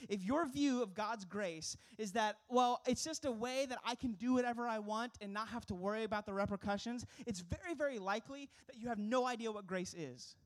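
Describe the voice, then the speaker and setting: A man's voice: high-pitched, fairly quick, few pauses. A young man preaching as a pastor, earnest and emphatic, asking the congregation rhetorical questions. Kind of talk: sermon.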